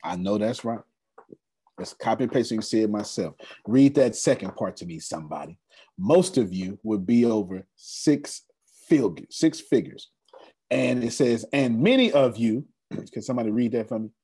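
A man presenting on an online meeting call, excitable and casual, repeating himself for emphasis. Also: fairly low pitch, normal speed, husky. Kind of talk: animated motivational pitch.

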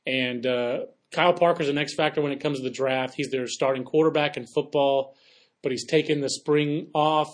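A man co-hosting a baseball podcast, talking in a quick, chatty way with joking asides. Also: fairly high pitch, fairly even intonation. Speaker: podcast co-host. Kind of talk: casual sports talk.

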